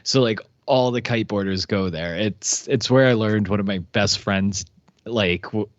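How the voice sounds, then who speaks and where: A man speaking as a podcast guest in easygoing casual chat, pausing to search for words. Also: on the low side, dry recording. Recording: dry, slightly dull lo-fi audio.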